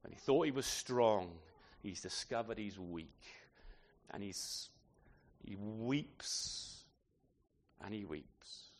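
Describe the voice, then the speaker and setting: A man's voice: lowish voice, expressive, slow, a little hiss or hum. A man preaching a sermon in a conversational way, often tagging his points with questions to the listeners. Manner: conversational, rhetorical tag questions.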